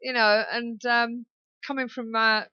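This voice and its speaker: A woman's voice: a little high, flat delivery, a little slow, smooth, no room sound, highs cut off. A woman from southern England hosting a community radio talk show, chatty and laughing often. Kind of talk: casual radio chat.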